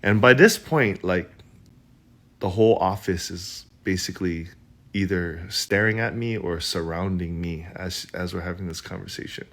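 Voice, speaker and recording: A man's voice: deep voice, normal speed, fairly bright tone. A man from Hawaii with a Hawaiian accent, telling a wry personal story with laughs along the way. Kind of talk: storytelling monologue.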